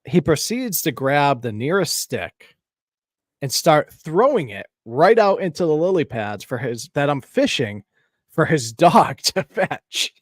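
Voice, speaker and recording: A man co-hosting a podcast, telling a story in casual chat, profane and animated, laughing often. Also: a little high, unhurried, dry recording, clean studio sound. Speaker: podcast co-host. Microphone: podcast mic on a live stream.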